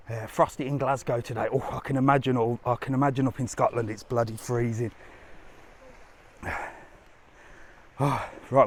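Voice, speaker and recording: A man doing a live walking vlog, chatting cheekily and rambling as he strolls along a seaside resort promenade, filming on a handheld phone. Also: mid-range voice. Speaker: travel vlogger.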